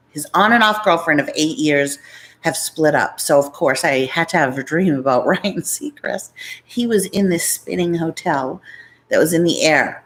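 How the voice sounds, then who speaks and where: Low-voiced chatty New woman. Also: fairly bright tone, rough recording. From New York. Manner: rambling, chatty, jumps between topics. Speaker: YouTuber hosting a live chat. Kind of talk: casual live-stream chat.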